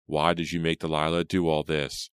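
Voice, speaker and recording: A man's voice: a bass voice, level tone, normal speed, clean tone, no room sound, clean studio sound. A man reading the lines of a grieving young man in a storybook, crying out in anguish. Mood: pained.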